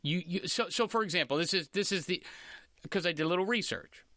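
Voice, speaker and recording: A man hosting a comedy podcast, riffing in a casual, animated, mock-indignant way with crude jokes. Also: high-pitched, a little fast, no echo, clean studio sound. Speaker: podcast host.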